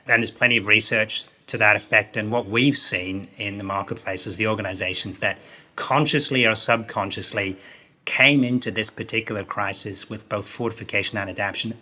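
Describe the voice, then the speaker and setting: A man's voice: lowish voice, normal speed, bright, forceful tone. A man, a business consultant, giving emphatic interview answers that repeat key phrases.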